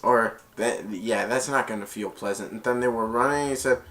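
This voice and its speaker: A young man casually retelling a movie plot as an amateur reviewer, rambling and jumping into loud, high voices for the characters. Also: moderate pace.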